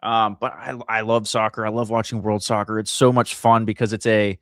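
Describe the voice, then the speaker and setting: A man's voice: fairly low pitch, little pitch movement, a little fast, a bit bright, no echo, studio quality. A man co-hosting a talk show, talking with casual, emphatic enthusiasm. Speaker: co-host.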